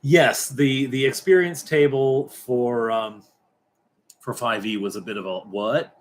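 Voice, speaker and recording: A middle-aged man hosting a casual late-night livestream, rambling and halting with many fillers and restarts, dropping wry, joking asides. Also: mid-range voice, steady tone. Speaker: livestream host.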